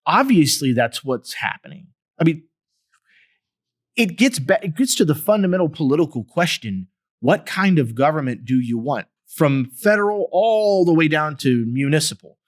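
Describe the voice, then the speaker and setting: A man hosting a podcast, giving solo political commentary in an emphatic, animated way with sarcastic asides. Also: a little high. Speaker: podcast host.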